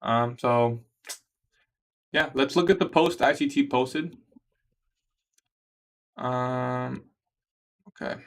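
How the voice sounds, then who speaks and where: A man's voice: medium pitch, very slow, long pauses. Laid-back young Canadian man streaming. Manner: laid-back, slangy, answers viewer questions. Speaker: livestream trading host. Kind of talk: casual livestream chat reading comments.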